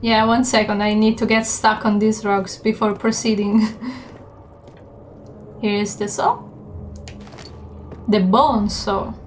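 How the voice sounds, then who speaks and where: A woman streamer giving gaming stream commentary, chatty and unhurried with many fillers. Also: medium pitch, fairly even intonation, a little hiss or hum. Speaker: game streamer.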